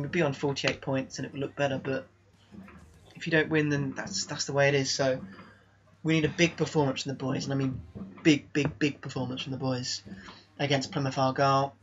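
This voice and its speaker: A man giving live commentary over his own football video game session, excitable and exasperated one moment, calmly running through his team the next. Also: medium pitch, slight background noise. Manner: excitable, exasperated, swings between disbelief and calm team talk. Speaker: gaming YouTuber. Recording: slightly dull lo-fi mic.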